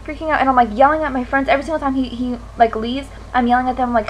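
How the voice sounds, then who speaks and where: A woman's voice: sits high, steady tone, rapid-fire, few pauses, slight background noise, poor audio. A teenage girl venting to camera in a frustrated, swearing rant. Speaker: vlogger. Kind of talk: ranting to camera.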